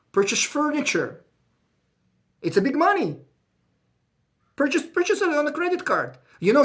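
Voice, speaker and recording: This is a speaker explaining finances casually, with phrasing that shows English is not their first language. The voice sits at a middle pitch. It grows loud and emotional when the speaker feels strongly about the point. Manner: emotional, raises voice when worked up; non-native English phrasing. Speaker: accountant giving financial advice. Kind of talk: casual advice talk to viewers.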